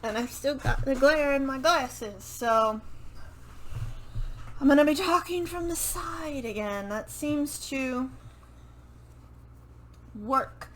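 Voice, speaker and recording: A woman's voice: high-pitched, slow pace, pauses often, a little hiss or hum, rough recording. A woman chatting casually to camera about a book series into a microphone, rambling with self-correcting asides and casual swearing. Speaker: book vlogger. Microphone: microphone she turns to face.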